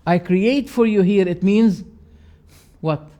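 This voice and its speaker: A man with a high-pitched voice delivers a classroom lecture on creed. He is emphatic, swinging between loud rising phrases and quiet, dropped endings. He repeats key words to drive each point home. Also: slow. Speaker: religious teacher.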